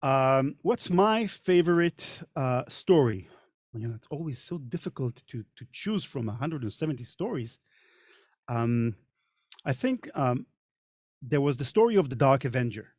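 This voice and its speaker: In a relaxed studio panel chat, this middle-aged podcast host and narrator speaks with a Hebrew accent, very animated yet a little slow, hesitating often as he thinks things through. His voice is mid-range and darkish, captured at studio quality without room sound.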